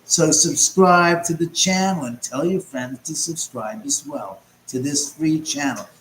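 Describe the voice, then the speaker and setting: A man's voice: on the high side, measured pace, a bit bright, reverberant, slight background noise, poor audio. A man hosting a casual livestream chat from home, rambling and sarcastic and swearing often. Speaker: livestream host.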